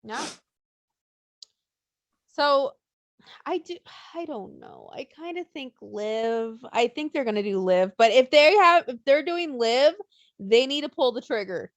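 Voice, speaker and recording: A young woman on a podcast, talking high and with a lot of bounce in her pitch, blunt and quick to swear. Her voice is close and dry, with no room sound. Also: dry recording, lo-fi sound. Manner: animated, blunt, swears freely, acts out fan voices. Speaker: podcast co-host. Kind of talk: casual wrestling podcast chat.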